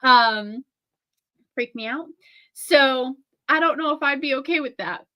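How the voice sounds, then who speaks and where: A playful young woman co-hosting a casual chat, her voice bright and a touch high. She giggles often between questions. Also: measured pace. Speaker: co-host.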